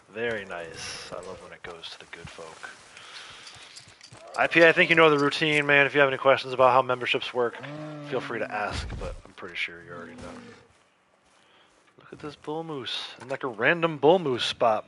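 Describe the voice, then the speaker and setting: A man's voice: mid-range voice, animated, fairly quick. A man hosting a casual gaming livestream, rambling and laid-back as he chats with viewers, his throat a bit scratchy from coughing. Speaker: livestream host.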